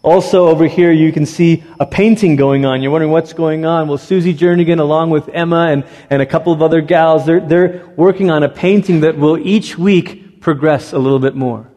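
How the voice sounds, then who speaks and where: A man's voice: a little high, fairly quick, few pauses, warm tone. A man preaching a sermon as pastor in a church, talking conversationally with frequent restarts and stumbles. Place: church sanctuary. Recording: long reverb of a church hall.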